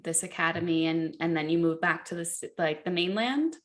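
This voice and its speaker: A woman's voice: on the low side, fairly quick. A woman hosting a podcast, chatting casually and affirming her guest, often asking "right?". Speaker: podcast host. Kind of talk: casual interview chat.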